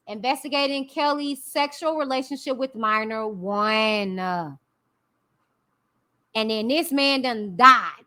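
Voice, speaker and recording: A woman's voice: fairly high pitch, bright, forceful tone. A woman reading a court document aloud on a casual live stream, breaking off to chat with viewers and hum her reactions. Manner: chatty, reacts with drawn-out hums.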